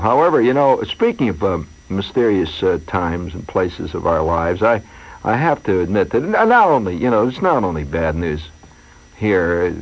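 Male radio host, lowish, wry rambling comic monologue, muffled broadcast sound. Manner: wry, digressive storytelling with many asides.

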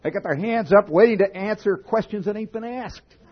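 Man, husky raspy voice, slightly high, wry and profane, dull lo-fi recording. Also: fairly quick. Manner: wry, profane, building to loud outbursts. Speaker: humorist speaking to an audience. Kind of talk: comic storytelling talk.

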